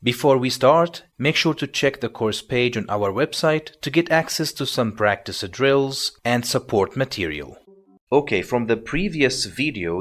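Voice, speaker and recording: Slow, low-voiced male language teacher. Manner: slow, deliberate, repeats sounds for learners to copy. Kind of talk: online language lesson.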